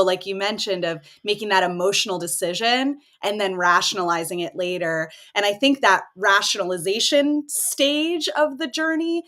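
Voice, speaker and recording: A woman's voice: medium pitch, fairly bright tone. Thoughtful woman hosting a podcast. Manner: conversational and thoughtful, builds on the guest's points. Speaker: podcast host. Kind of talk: podcast conversation.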